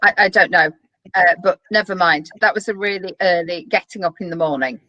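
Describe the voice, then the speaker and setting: A woman's voice: lowish voice, brisk, sharp tone, dry recording, highs cut off. A woman co-hosting a casual web show, chatting in a rambling way with plenty of fillers. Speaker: co-host.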